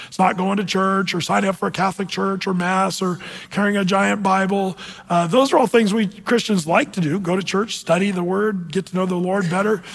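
A man's voice: high voice, husky. A man preaching a sermon as a pastor, speaking conversationally with fillers and closing in prayer. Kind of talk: sermon with prophecy update.

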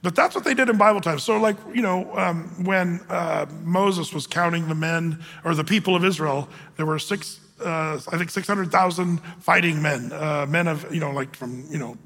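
Male pastor, high voice, casual rambling sermon delivery, hall reverb. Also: moderate pace, gravelly, hardly any pauses, fairly bright tone. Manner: conversational, rambling with many fillers and restarts; acts out quoted voices with raised pitch.

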